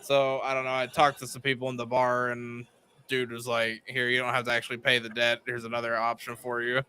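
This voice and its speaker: A man's voice: medium pitch, monotone, brisk, sharp tone, slight background noise. A man co-hosting a gaming podcast, talking in an easygoing, hesitant way with many fillers. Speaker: podcast co-host. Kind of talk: casual gaming podcast chat.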